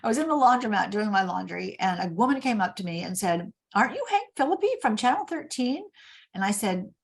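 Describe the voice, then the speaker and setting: A woman's voice: medium pitch, a little fast, creaky. An older woman from Indiana, speaking as an author guest in an interview. She tells her stories with energy and plays out the quoted dialogue herself. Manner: animated storyteller, acts out quoted dialogue. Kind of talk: storytelling interview.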